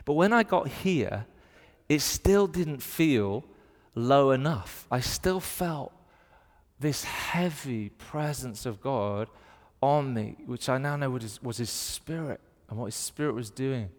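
A man from the north of England with his own Northern accent, delivering a sermon in an animated storytelling manner. His middling voice carries a long reverb from a large hall. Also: mid-range voice, takes it slowly. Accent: Northern English. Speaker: preacher.

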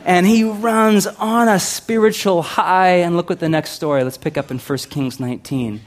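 A man preaching a sermon, conversational and animated, swinging from loud to hushed with humorous asides. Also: high-pitched, normal speed. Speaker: pastor.

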